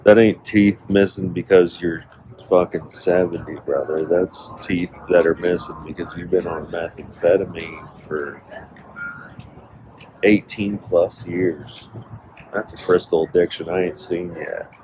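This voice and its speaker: A low-pitched man hosts a podcast in loose, casual chat, riffing through profane, rambling stories. He's from Northern California, and a faint hum of ambient noise sits behind his voice. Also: fairly even intonation, a little slow. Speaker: podcast host.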